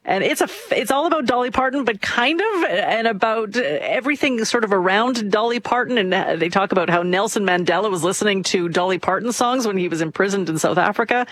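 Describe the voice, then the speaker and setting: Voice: mid-range voice, fairly quick, few pauses, a bit bright, dry recording. Opinionated co-host, dry close voice. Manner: opinionated, digressive with fillers. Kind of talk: conversational talk show chat.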